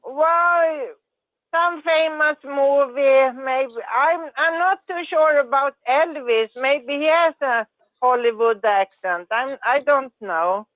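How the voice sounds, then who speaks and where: High slow-talking woman on a phone line. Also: dry recording. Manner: hesitant, searching for words. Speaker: caller in group chat. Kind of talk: casual chat. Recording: tinny dry phone line.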